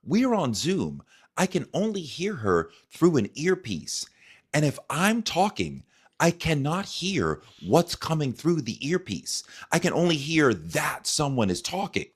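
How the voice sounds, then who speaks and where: A man with a fairly high voice explains events in a measured storytelling manner. His pitch swings widely from phrase to phrase. He speaks as a talk show host recounting his side. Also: breathy edge. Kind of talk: explanatory video commentary.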